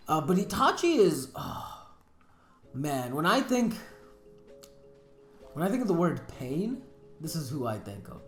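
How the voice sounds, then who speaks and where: A woman hosting casual anime tier-list commentary, slangy, profane and emphatic. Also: fairly low pitch. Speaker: anime video host. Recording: roomy echo.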